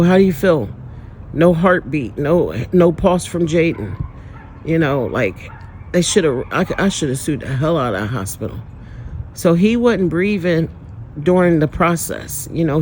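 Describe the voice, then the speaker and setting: Low-voiced woman vlogging a raw testimony. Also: a little mellow, a little hiss or hum, low-quality recording. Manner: candid, emotional storytelling, talks directly to viewers; preacherly, uplifting toward the end. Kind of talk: personal testimony vlog.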